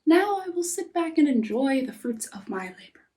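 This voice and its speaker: A woman voicing a content, self-satisfied second little pig with a squeaky edge. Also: very animated, moderate pace, mellow.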